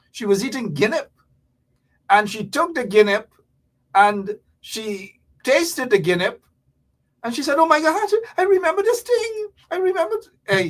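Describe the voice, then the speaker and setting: A chatty man with a Guyanese accent hosts a talk show in a loose, teasing monologue. His voice sits a little higher than most men's, and he repeats phrases and breaks into laughter as he talks. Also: a bit bright. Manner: chatty and repetitive, laughs often, playful teasing. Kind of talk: casual livestream monologue.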